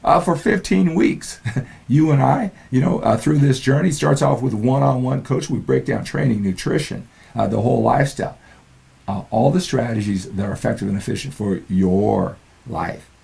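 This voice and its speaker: Older male coach, very gravelly and mellow, earnest motivational talk, keeps asking "right?". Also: mid-range voice, moderate pace. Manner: earnest, peppers lines with "right?". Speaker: fitness and mindset coach.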